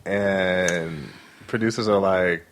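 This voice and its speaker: A man's voice: deep voice, takes it slowly. A man co-hosting a podcast, casually recapping a reality show and acting out the quotes. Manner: animated retelling with acted-out quotes. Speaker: podcast co-host.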